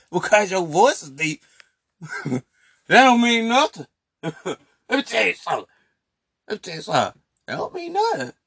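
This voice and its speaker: His voice is high-pitched, a bit bright and slightly rough, captured in clean studio sound with no room sound. Sitting indoors at a stand mic he keeps tugging down, this solo podcast host rants mockingly and boastfully in street slang, laughing often between repeated phrases.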